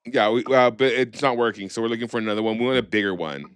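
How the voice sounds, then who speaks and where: A man's voice: medium pitch, quick pace, smooth, no echo. Man, casual podcast chat, sassy, gossipy, curses a lot, mid-range voice, dry close sound. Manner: sassy, gossipy, swears freely. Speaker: podcast co-host.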